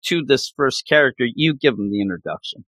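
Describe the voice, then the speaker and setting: A man hosts a relaxed chat about a book, animated and acting out characters' lines as he goes. His voice is bright and forward. The sound is dry and close to the mic. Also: mid-range voice, fairly quick, dry recording. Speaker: podcast host discussing a book. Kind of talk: casual chat.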